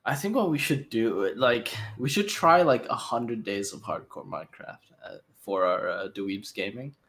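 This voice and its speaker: A man's voice: lowish voice, expressive, normal speed, fairly bright tone. A man co-hosting a casual podcast, rambling and laid-back, swearing freely among friends. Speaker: podcast co-host.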